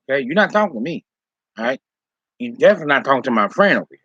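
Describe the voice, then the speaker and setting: A man tells a personal story in a rambling, casual monologue, his slightly high, expressive voice sharp-toned and rapid-fire. He keeps adding "all right?" and "okay?" and gets heated while retelling it. The recording is dry, with no room sound, and has a dull lo-fi quality.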